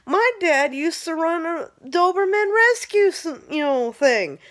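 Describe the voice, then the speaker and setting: Fed up young woman ranting, cussing a lot, slow talker, voice jumps all over. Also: very high voice, animated, fairly bright tone. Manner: swearing, heated and exasperated. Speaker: vlogger. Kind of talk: angry personal rant.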